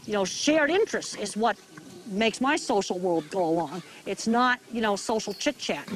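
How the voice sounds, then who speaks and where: A woman's voice: mid-range voice, lively intonation, moderate pace, very noisy. A woman in an interview, explaining things in a direct, plain-spoken way. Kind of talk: interview talk.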